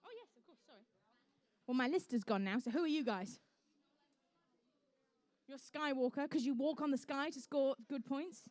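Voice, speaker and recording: A woman's voice: high voice, normal speed, pauses often, a little mellow, no room sound. A young woman emceeing a live competition, chatty and jokey with the teams as she calls the action. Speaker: event emcee and commentator. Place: indoor conference venue.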